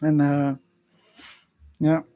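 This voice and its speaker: This podcast host is a high-voiced man who speaks extremely slowly, with French as his first language. In a casual group conversation on a video call, he stays animated, chuckles, and lapses into French phrases.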